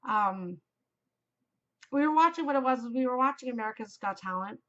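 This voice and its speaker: Chatty, gushing woman host, slightly high voice. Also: expressive, moderate pace, lo-fi sound. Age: 40s. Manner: gushing, chatty, rambling with many fillers. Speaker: knitting podcast host. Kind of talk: casual chat.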